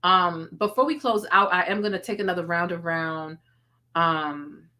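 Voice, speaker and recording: A woman's voice: on the low side, fairly even intonation, moderate pace, pushed and bright. A woman hosting a casual live stream, chatting and thanking viewers by name, laughing and teasing often. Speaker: YouTube livestream host.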